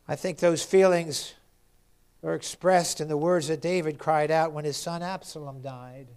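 A man preaching a sermon with passion, swinging from loud cries down to hushed, pleading appeals. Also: on the high side, fairly even intonation, a little slow, smooth. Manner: impassioned preaching, rising to cries then dropping to hushed appeals. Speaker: pastor.

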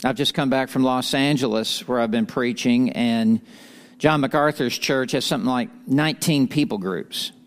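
A man praying and then teaching a morning men's Bible study, earnest and measured, with light joking asides. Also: medium pitch. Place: live morning gathering with an audience.

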